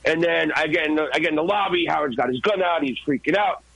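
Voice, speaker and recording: A man, a guest and former radio intern, telling an animated, profane story in a podcast interview. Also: fairly high pitch, fast talker, gravelly, breathy edge, dry recording, rough recording. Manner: profane, excited, acts out his own shouts.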